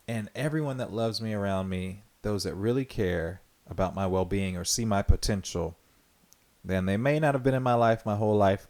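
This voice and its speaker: A man's voice: lowish voice, a little mellow. A man hosting his own podcast, talking earnestly and rambling in a reflective solo monologue, full of fillers and restarts. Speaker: podcast host.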